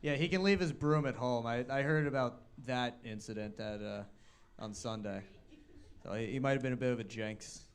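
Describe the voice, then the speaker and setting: A man's voice: medium pitch, normal speed. A man hosting a casual team show, teasing and reading out fan questions. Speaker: show host. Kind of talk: casual chat.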